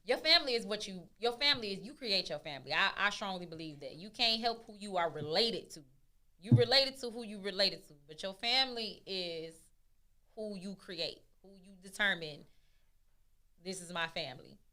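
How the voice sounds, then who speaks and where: A woman's voice: medium pitch, lively intonation, normal speed, sharp tone. A woman from the Midwest with a Texas accent, co-hosting a podcast in casual chat, emphatic and playful, repeating words for stress. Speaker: podcast co-host.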